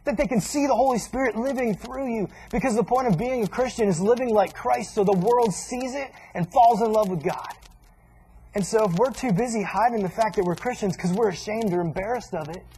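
A man preaching a sermon in a casual, animated way, acting out little asides as he teaches. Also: high voice, slight background noise, poor audio.

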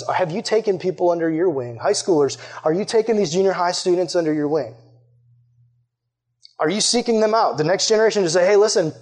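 Young man, youth sermon, high-pitched, earnest, conversational, fillers, questions to the audience. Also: a little mellow. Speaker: youth pastor.

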